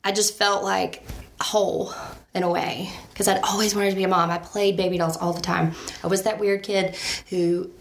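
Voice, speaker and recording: A woman's voice: medium pitch, flat delivery, normal speed, creaky, slight background noise. A woman, telling her family story in a chatty, casual way, often laughing and saying um. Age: 30s.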